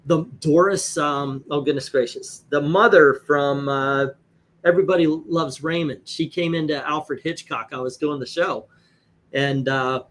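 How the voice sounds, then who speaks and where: A man hosting a stream, telling profane, animated anecdotes in casual chat. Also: on the high side, a little slow. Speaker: host. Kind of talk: casual storytelling on a live stream.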